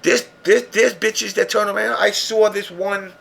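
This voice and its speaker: A man's voice: high-pitched, fairly even intonation, measured pace, vocal fry, a bit bright. A man hosting a podcast, telling long profane stories in casual chat. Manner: profane, rambling storyteller. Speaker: podcast host.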